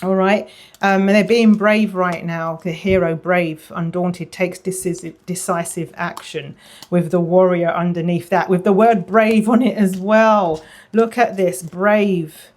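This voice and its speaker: A woman giving a casual tarot reading, chatty, often repeating phrases and dropping into a soft murmur. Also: lowish voice, fairly even intonation, measured pace. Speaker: tarot reader.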